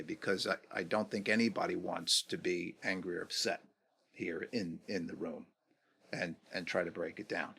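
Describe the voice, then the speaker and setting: A man in his fifties, a guest on a podcast interview, talking reflectively and acting out quoted dialogue with lively swings in pitch. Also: moderate pace, gravelly, husky. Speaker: guest, negotiation executive.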